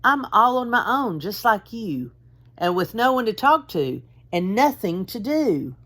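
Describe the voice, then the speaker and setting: A woman's voice: a little high, very animated, measured pace, fairly bright tone, voice pushed up, heavily acted. A woman voicing a small, scared, shy little boy in a storybook reading, with a timid little voice.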